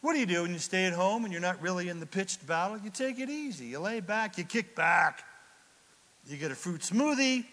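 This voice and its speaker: Animated, jokey male preacher. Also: high voice, fairly quick, long reverb tail. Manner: animated, jokey, with shouted emphasis. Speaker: pastor. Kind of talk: sermon.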